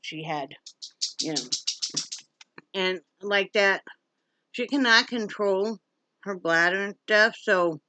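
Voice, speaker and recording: A woman's voice: medium pitch, takes it slowly, long pauses, bright, forceful tone, no room sound. A chatty woman from Wyoming vlogging at home, switching between folksy talk to viewers and coaxing, sing-song baby talk to her dog. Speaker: vlogger, pet rescuer. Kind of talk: casual home vlog.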